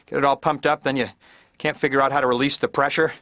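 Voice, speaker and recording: A middle-aged comedian playing a therapy patient in a cartoon, rambling in a self-deprecating stand-up routine. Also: male voice, medium pitch, level tone, fast, sharp tone, no room sound, lightly acted. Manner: rambling, self-deprecating, slips into silly voices. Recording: dull dry cartoon soundtrack.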